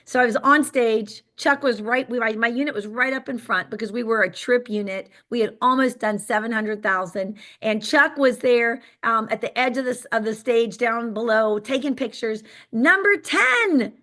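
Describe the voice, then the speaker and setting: A woman, a sales director telling an excited, emphatic motivational story on a call. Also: on the high side, normal speed, few pauses.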